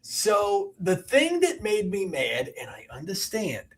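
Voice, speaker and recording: A man's voice: sits high, wildly swooping pitch, takes it slowly, slightly rough, exaggerated voice. A man voicing a wisecracking demon puppet as co-host of a comedic podcast chat, jokey and prone to laughing. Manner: jokey, flustered, trails off into laughs.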